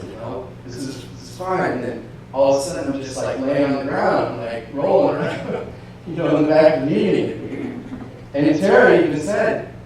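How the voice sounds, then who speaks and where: A man's voice: fairly high pitch, a little hiss or hum. Man preaching in an echoey church. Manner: storytelling, acts out inner dialogue, swings from hushed to shouting. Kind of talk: sermon testimony. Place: large church hall. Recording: echoey church hall from far off.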